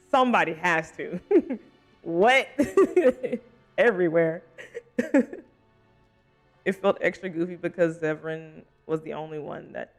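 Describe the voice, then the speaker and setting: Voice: mid-range voice, gravelly. A young adult streamer in casual live stream chat while gaming, giggly, chatty and playfully teasing.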